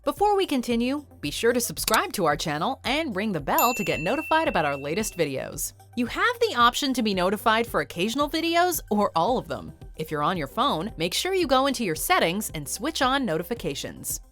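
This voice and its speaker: A woman's voice: a little high, a little fast, hardly any pauses, soft background music. A woman reading a scripted countdown narration in an upbeat manner. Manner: upbeat, lively delivery.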